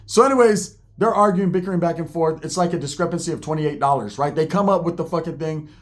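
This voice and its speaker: A man spinning a profane, animated street story, heavy on slang and asides. His voice sits fairly high for a man. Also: fast talker.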